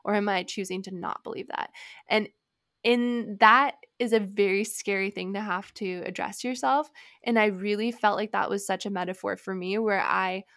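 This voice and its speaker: A woman co-hosting a podcast, telling a personal story with lively acted-out quotes in casual chat. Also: mid-range voice, creaky, dry recording, studio quality. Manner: animated storyteller, acts out quoted dialogue. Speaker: podcast co-host.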